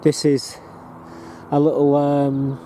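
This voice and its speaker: A northern English man with a very dark, mellow voice, rambling chattily as he walks his allotment plot. He talks plainly into a handheld camera, with faint outdoor noise behind him. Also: a little high, monotone, slow pace. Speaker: allotment gardener and vlogger. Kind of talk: casual walking tour.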